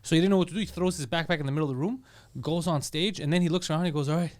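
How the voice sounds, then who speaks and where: Fast-talking excitable man on a podcast. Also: a little high. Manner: fast, excitable, profane banter. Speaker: podcast co-host. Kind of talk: casual comedy podcast chat.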